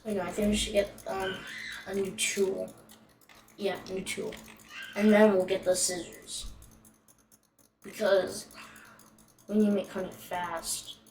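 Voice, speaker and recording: A woman's voice: mid-range voice, little pitch movement, unhurried, long pauses, a little mellow, soft background music. A woman giving casual gameplay commentary as a channel host, thinking aloud in a hesitant, rambling way. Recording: echoey room, distant mic, faint noise.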